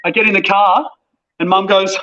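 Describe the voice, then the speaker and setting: Bright-voiced man telling stories. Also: sits high, normal speed. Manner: self-deprecating, animated. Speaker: actor, guest. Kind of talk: casual storytelling. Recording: dull lo-fi sound.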